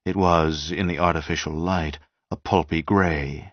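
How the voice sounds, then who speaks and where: A man narrating an audiobook in a measured, even storytelling manner. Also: extremely low pitch, no echo. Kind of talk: audiobook reading. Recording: dull dry lo-fi sound.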